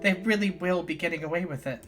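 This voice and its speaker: A man's voice: high-pitched, fast, over music. A man hosting a let's play, reading game text aloud and adding casual, wry comments. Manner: casual and wry, laughing at the story. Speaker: host.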